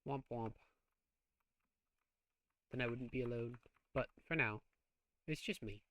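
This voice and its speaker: A man's voice: medium pitch, moderate pace, bright, forceful tone. A man streaming a game, chatting casually while he plays, joking and swearing freely. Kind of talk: casual gameplay chat.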